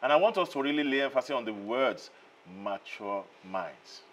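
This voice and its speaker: Man playing a confident journalist guest, lively pitch, emphatic and lecturing, faint background noise. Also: fast talker, natural voice. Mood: assured. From Nigeria. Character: self-assured male journalist guest on a TV talk show. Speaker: talk show guest, journalist.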